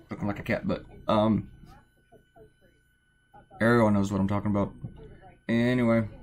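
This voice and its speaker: A man's voice: lowish voice, vocal fry. A man chatting casually and rambling, self-deprecating and filler-heavy, as he draws and colors a cartoon at home early in the morning, keeping his voice down. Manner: quiet to avoid waking people. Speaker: cartoonist narrating his drawing. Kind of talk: casual rambling commentary while drawing.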